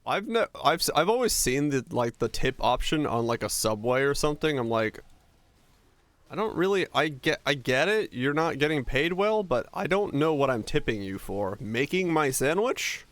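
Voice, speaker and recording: A man's voice: on the high side, big pitch swings, normal speed, fairly bright tone, no room sound. A young man streaming live, chatting casually with viewers, ranting and swearing freely as he talks.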